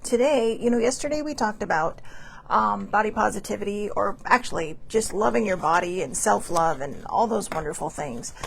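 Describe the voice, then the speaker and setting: A woman's voice: mid-range voice, creaky, slight background noise. A middle-aged woman hosting a casual live talk show, chatting loosely and reading passages aloud. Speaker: host.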